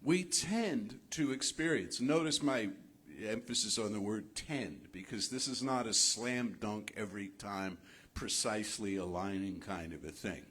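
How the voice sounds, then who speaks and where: A male minister giving a sermon in a spiritual center, asking his listeners rhetorical questions in a measured, reflective way. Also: lowish voice, fairly bright tone, husky.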